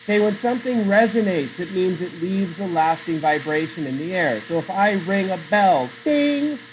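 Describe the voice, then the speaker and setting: A man's voice: high-pitched, moderate pace, a little hiss or hum. A male teacher giving a classroom lecture, chatty and digressive, often quizzing the class. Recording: dull lo-fi sound.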